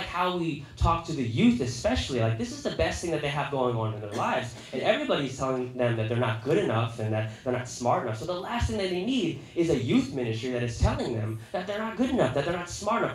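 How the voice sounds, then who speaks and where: A young man telling a personal story in casual, animated talk, full of likes and restarts. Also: fairly high pitch, roomy sound.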